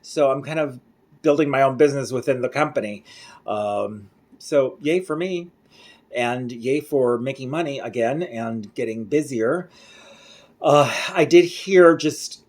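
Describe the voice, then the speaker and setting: Brief: rambling vlogger man, grew up in Mexico, American English accent, mid-pitched, home diary chat. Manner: rambling, chatty, self-correcting. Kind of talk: casual daily video diary.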